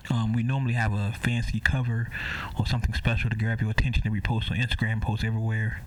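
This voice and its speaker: A man's voice: on the low side, level tone, fast, hardly any pauses. A man hosting a podcast in casual chat, laid-back and talking straight to his listeners. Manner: laid-back, conversational, speaking to listeners directly. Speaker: podcast host. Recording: slightly distant mic with faint noise.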